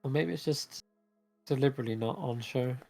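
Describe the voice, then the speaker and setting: A game master narrates a tabletop scene in a loose, rambling manner full of fillers. His voice sits at a moderate pitch. Quiet music plays behind him. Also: brisk, vocal fry.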